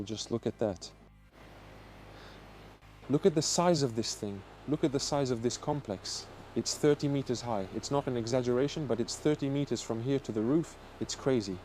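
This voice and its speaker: A man narrating an exploration vlog as he guides viewers around, talking in an excitable, exclamatory way. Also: medium pitch. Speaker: urban explorer vlogger.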